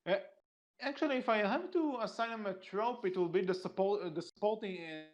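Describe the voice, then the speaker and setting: A man's voice: sits high, dull audio. A man co-hosting a podcast over an online voice call, talking casually with frequent laughs, fillers and restarts. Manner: giggly, halting, lots of fillers and restarts. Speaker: podcast co-host. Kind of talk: casual chat.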